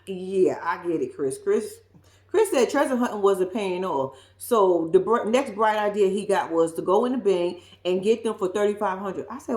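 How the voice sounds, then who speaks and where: A woman talks through a reality show episode with blunt, sassy, profane asides. Her pitch jumps around a lot. The room around her is echoey. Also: lively intonation, moderate pace, darkish tone. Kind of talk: casual reality-show recap. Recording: roomy echo.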